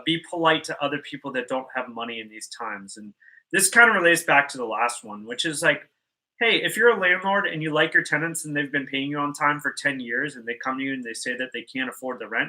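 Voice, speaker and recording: Bright-voiced, teasing male co-host. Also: fairly high pitch, low-quality recording. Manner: laid-back, teasing. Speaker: podcast co-host. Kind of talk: casual podcast chat. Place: studio.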